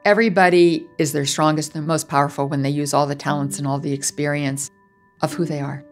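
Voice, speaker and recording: A woman's voice: sits low, fairly even intonation, fairly quick, faint music behind. A woman diplomat interviewed for a podcast, recounting a negotiation in a candid, reflective way. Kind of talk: personal recollection in interview.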